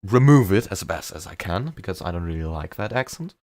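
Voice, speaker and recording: A man's voice: low voice, expressive, fairly quick, darkish tone, dry recording, studio quality. A young man with a slight German accent, chatting casually and rambling a bit while streaming a game, often self-deprecating. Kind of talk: casual chat during a live game stream.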